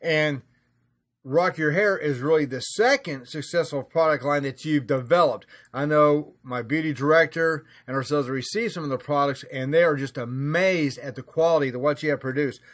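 A man's voice: fairly high pitch, normal speed. A man with a Southern US accent hosting a podcast interview, folksy, laughing easily and stumbling over his words now and then. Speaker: podcast host.

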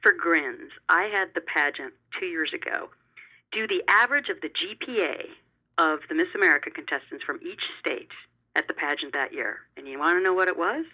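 A middle-aged woman speaks as an interview guest with a strikingly bright, piercing tone. She tells stories with emphatic energy and sometimes repeats words as she rushes on. The sound is thin, like a radio or phone line. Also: low voice. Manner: animated, emphatic, repeats words when excited. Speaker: interview guest, television host. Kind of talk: conversational interview storytelling.

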